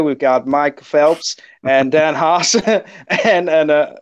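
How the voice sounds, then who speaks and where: A man's voice: fairly high pitch, takes it slowly, smooth. A man with a British accent, co-hosting a casual podcast chat, rambling and swearing freely. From United Kingdom. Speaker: podcast co-host.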